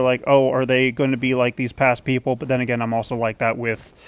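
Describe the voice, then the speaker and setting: A man talks through his game in a loose, rambling way, doubling back and second-guessing himself as he goes. His voice sits at an ordinary middle pitch, and the chat feels casual and unpolished. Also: dry recording. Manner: rambling, self-conscious, chatty. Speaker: YouTuber. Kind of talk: casual gaming commentary.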